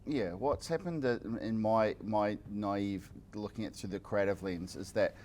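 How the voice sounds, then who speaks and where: A man's voice: fairly low pitch, measured pace, darkish tone, slight background noise. A man speaking casually and hesitantly, with many fillers and restarts. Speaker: executive creative director at an ad agency. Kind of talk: casual conversation.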